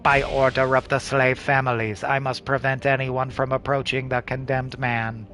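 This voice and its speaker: A man voicing an eerily polite, smiling soldier in a video game, speaking low, soft and measured. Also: level tone, faint music behind, lightly acted. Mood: courteous.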